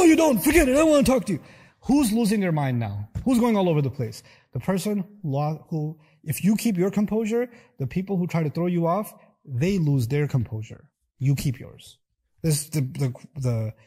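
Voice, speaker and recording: A man delivers a lecture with a husky, mellow voice, slightly higher than most men. He speaks with animation and breaks into quoted dialogue, playing out both sides of an exchange. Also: animated, normal speed. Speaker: speaker giving a talk. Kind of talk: lecture on scripture.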